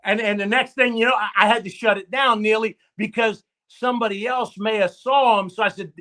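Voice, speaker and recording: A man's voice: high-pitched, fairly even intonation, a little fast, sharp tone. A man, a football coach, telling stories in an interview with emphatic, repetitive phrasing and rallying asides. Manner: emphatic and repetitive, rallying with "okay?" and "I'm gonna tell you what". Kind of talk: animated storytelling in a live stream interview.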